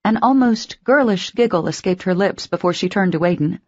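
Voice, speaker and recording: Low-voiced woman narrating an audiobook. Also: brisk, few pauses, a little mellow, no echo, dull audio.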